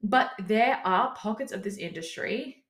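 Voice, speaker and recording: A woman's voice: medium pitch, a little slow, fairly bright tone. A woman coach talking through her own views in a casual solo podcast, candid and cheeky, laughing now and then and swearing for emphasis. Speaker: business coach and podcast host.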